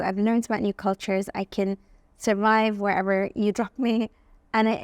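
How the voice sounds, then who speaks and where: A woman from England, a guest in an interview telling lively personal stories and often saying "like". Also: mid-range voice, no room sound. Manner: animated, acts out quoted voices, frequent "like". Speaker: guest, facial aesthetics practitioner.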